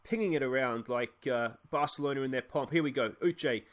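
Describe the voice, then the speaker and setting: A man casually commentating his football management game, cheering goals loudly and thinking aloud about tactics. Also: mid-range voice, fairly quick. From Australia. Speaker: gaming YouTuber playing a football management game.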